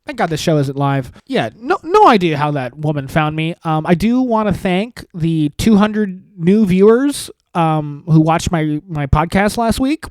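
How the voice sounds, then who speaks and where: A male comedy podcast host rambles alone through dark, self-mocking jokes, his pitch swinging up and down with lively expression. He drops sarcastic asides in a loose monologue. The sound is dry and close, with no room echo. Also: unhurried, few pauses.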